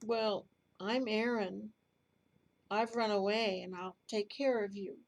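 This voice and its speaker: A woman voicing a kind runaway boy who talks in a slow, reassuring way. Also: mid-range voice, fairly even intonation, vocal fry, low-quality recording.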